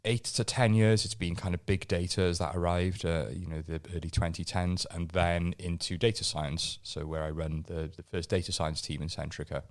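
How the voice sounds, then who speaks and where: A man in his forties, a podcast guest telling stories and talking about his career in a relaxed way. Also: low-pitched, moderate pace, few pauses. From Wales. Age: 40s. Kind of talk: casual podcast interview.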